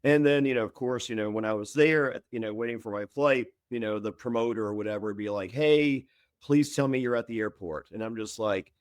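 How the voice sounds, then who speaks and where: A man in a podcast interview tells wild stories about himself in an animated, self-mocking way. He stutters over his words and leaps up high when he quotes other people. His voice sits at a middling pitch, recorded close and dry. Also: fairly quick, clean tone, dry recording. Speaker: guest, former reality show contestant. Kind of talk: casual storytelling in a podcast interview.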